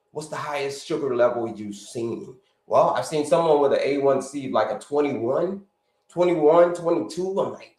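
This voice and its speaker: The host of this live health stream has a fairly high-pitched voice, captured with poor audio in an echoey room. He chats casually and repetitively, calling people "folks" and prompting them to write answers in the chat.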